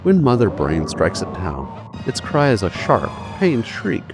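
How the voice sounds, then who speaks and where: A man's voice: medium pitch, huge pitch swings, measured pace. A man giving a scripted video essay narration, emphatic and building to punchy statements. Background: faint background music.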